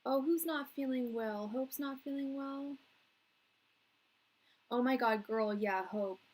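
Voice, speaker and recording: A woman's voice: sits high, takes it slowly, a little mellow, low-quality recording. A young woman chats loosely with her live-stream viewers, rambling from one thought to the next. Her talk is slangy and easygoing, and she laughs often between remarks. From England. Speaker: tarot reader hosting a live stream.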